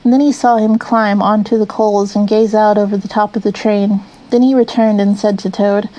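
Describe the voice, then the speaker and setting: A woman narrating a classic children's storybook in an even, expressive reading. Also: mid-range voice, normal speed, hardly any pauses, poor audio. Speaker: audiobook narrator.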